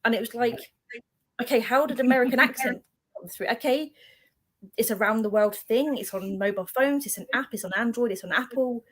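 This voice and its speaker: A woman guest on a chat show, telling paranormal stories in a lively way and acting out the dialogue. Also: fairly high pitch, brisk, rough recording. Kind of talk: casual chat.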